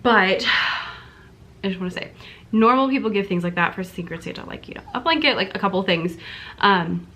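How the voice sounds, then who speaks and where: A woman's voice: mid-range voice, expressive, brisk, a bit bright. A young woman and schoolteacher chatting casually to camera in a vlog, bubbly and full of asides. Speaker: vlogger and schoolteacher.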